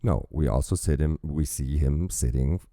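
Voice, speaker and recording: Super deep guy with a gravelly dark voice, swearing a lot while reacting to a song. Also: dry recording, clean studio sound. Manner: profane, pauses music to quote and comment. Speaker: reaction video host. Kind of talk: casual reaction commentary.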